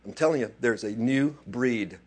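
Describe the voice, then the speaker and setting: A man preaching a sermon, dropping to quiet asides and then rising into loud, excited bursts. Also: medium pitch, moderate pace, slightly rough. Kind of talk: animated sermon.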